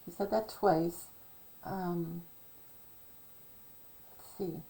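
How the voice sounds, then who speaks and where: A woman's voice: on the low side, fairly even intonation, extremely slow, vocal fry, dark tone, low-quality recording. Chatty woman rambling on her channel. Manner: chatty, self-correcting, digressive. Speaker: channel host. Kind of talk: casual rambling monologue.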